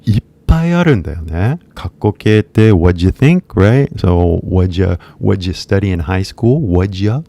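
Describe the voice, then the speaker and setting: A man with a low, gravelly voice teaches a laid-back live-stream lesson, mumbling casually as he moves between American-accented English and Kansai Japanese.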